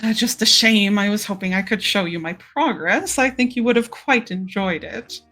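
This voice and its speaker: A woman's voice: medium pitch, normal speed, a bit bright, soft background music, natural voice. A woman doing a nasal fussy nobleman. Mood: fretful. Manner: polite, fretful and rambling.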